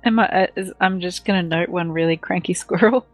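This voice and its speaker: A woman's voice: lowish voice, a little fast, dry recording, soft background music, poor audio. A woman player in a tabletop game, chatting playfully and giggling often. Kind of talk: casual tabletop game chat.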